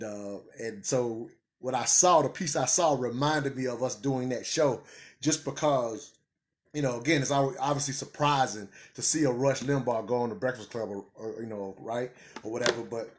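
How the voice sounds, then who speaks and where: Male host riffing casually, animated and amused, stumbles into restarts, average pitch. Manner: animated, laughing, repeats words when excited. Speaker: commentary channel host. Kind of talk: casual commentary.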